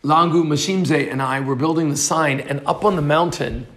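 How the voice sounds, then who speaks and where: A man's voice: fairly high pitch, moderate pace, a bit bright. A man preaching a sermon, reading scripture aloud and then explaining it. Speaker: pastor.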